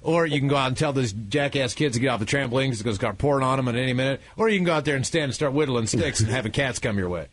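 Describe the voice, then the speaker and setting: A man's voice: medium pitch, animated, very fast, hardly any pauses, a little hiss or hum. A man hosting a talk radio show, brash and sarcastic, riffing bluntly on a caller's story. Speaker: radio host.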